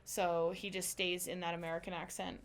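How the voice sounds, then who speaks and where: A woman hosting a casual interview, chatty and quick to laugh, filling her talk with "like" and "you know what I mean". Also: lowish voice, flat delivery. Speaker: podcast host.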